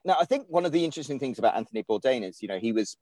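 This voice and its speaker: A man's voice: mid-range voice, animated, racing, darkish tone, dry recording. A man from England with a British English accent, a guest writer chatting casually in a rambling way, full of fillers and restarts. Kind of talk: casual podcast chat.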